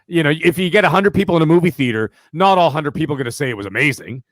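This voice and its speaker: A man co-hosting a gaming podcast in relaxed, swear-filled chat. His voice sits a little high, and the sound is close and dry. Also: very fast, dry recording. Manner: animated, profane, repeats "right?". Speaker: podcast co-host. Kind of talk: casual chat.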